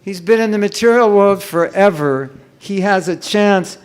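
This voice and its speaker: A man's voice: sits high, moderate pace, clear, resonant tone. A man leading a live chanting workshop for an audience, joking often and mimicking careless mumbled chanting to make his point. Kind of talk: humorous live workshop talk. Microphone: microphone.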